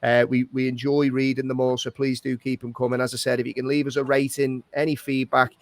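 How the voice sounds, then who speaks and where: A man hosts a laid-back podcast chat, his voice sitting at an ordinary middle pitch. He swears freely and talks in loose restarts. The sound is dry and close, with no room around it. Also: flat delivery, fairly quick, dry recording. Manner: swears often, laughs along, rambling restarts. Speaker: podcast host. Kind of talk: casual chat with friends.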